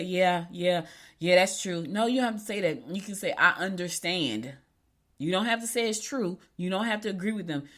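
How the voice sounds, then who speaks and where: A woman hosting a business talk show, speaking casually and emphatically, repeating key points and swooping up when she quotes people. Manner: lively, swoops high when quoting people. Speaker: podcast host.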